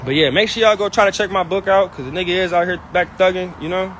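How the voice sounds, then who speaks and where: A man's voice: high voice, fast talker, fairly bright tone, a little hiss or hum. A young man ranting on a live stream about his family, heated and profane, often repeating himself. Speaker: livestreamer venting about family. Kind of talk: unscripted live rant.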